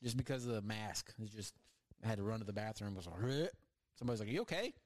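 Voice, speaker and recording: A man's voice: fairly low pitch, steady tone, very fast, a little mellow, no echo. A young man hosting a podcast, chatting casually and rambling through funny stories. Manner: joking, rambling storyteller. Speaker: podcast host. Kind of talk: casual chat.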